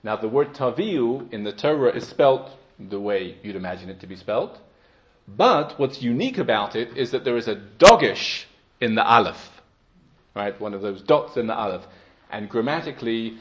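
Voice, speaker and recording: A man delivers a Torah lecture at a medium pitch, measured and explanatory, with sudden emphatic stresses. The sound is slightly dull and lo-fi. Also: a bit bright. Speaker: Torah teacher.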